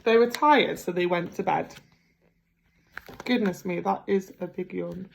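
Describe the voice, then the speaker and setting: A woman teacher reading a picture book aloud to children at a gentle pace, pausing to ask them questions. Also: fairly low pitch, little pitch movement, vocal fry, slight background noise. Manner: gentle, slow, asks the listeners questions. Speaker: primary school teacher. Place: home.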